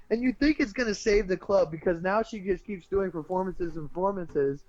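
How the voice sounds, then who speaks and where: A high-voiced man tells a movie plot to his podcast co-host in a loose, profane, animated way, laughing as he goes. His voice is fairly high for a man. The sound is dry and dull, like a lo-fi mic with no room in it. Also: moderate pace, hardly any pauses, dry recording. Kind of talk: casual chat.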